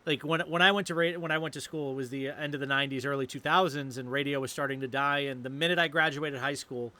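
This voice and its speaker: A man's voice: medium pitch, fairly even intonation, fast, sharp tone. A man in his forties from Massachusetts, co-hosting a podcast in casual, eager chat as a fan who reacts with laughs. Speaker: podcast co-host.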